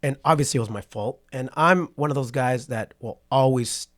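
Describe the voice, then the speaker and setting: Man, forties, podcast guest, lively storyteller, acts out quotes, keeps asking right?, mid-pitched voice. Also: normal speed. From Patterson, California. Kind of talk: casual storytelling interview.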